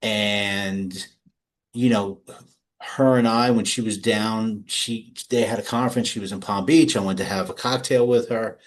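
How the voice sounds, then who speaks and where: A man's voice: fairly low pitch, fairly even intonation, measured pace. A middle-aged man in casual interview talk, rambling through anecdotes with frequent restarts and small laughs. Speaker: guest. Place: home or office.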